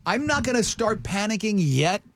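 A man's voice: sits high, moderate pace. A man hosting a radio show, joking around and bantering with his co-hosts. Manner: jokey, animated, does silly voices. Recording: dry close studio mic.

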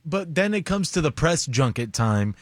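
A man co-hosting a radio show, arguing his points with animated retellings in casual banter. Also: on the high side, moderate pace, no room sound, clean studio sound.

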